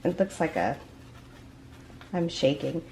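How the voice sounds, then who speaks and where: Woman vlogger, casual unboxing chat at home; gushing, excited, unhurried, full of fillers. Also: sits low, creaky. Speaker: crochet vlogger.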